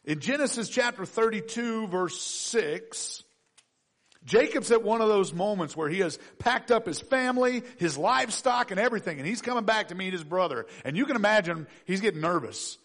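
A man preaching with a high-pitched voice, telling a story in a loose, conversational way. He keeps it animated and draws his listeners in with questions between the scripture readings. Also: normal speed. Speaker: pastor. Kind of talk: storytelling sermon.

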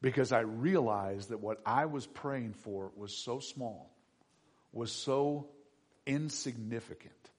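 A man in his fifties, a pastor preaching a sermon through personal stories, swinging between loud bursts and hushed asides. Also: medium pitch, slow. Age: 50s.

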